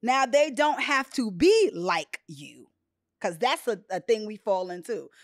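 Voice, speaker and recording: A woman hosting a podcast, chatting casually and telling personal stories with expressive, quoted voices. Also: fairly high pitch, a little slow, dry recording, studio quality. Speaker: podcast host. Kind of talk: casual chat.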